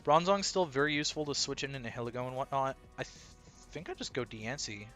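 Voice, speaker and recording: A man's voice: mid-range voice, expressive, fast, fairly bright tone, soft background music. A man commentating his own competitive battle live, thinking aloud analytically with bursts of disbelief.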